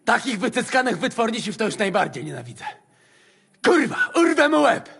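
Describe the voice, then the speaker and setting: Gruff foul-mouthed soldier, husky, gravelly, long reverb. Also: male voice, very high-pitched, big pitch swings, fast talker, pushed and bright, exaggerated voice. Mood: scornful. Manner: gruff, hot-tempered, cursing. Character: hot-headed, foul-mouthed male soldier. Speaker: mercenary.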